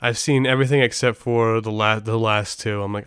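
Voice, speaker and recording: Casting: middle-aged male podcast host, casual, rambling talker with a smooth, resonant voice and a dry close sound. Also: lowish voice, fairly even intonation, fairly quick, a bit bright, no echo. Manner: rambling, self-interrupting, frequent restarts.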